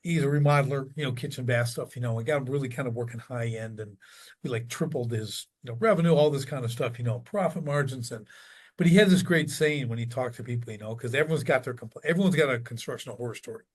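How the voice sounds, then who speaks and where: A man who coaches contractors, talking in a casual interview and telling stories with lively, acted-out quotes. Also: mid-range voice, fast talker, slightly rough. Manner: animated storyteller, acts out quoted lines.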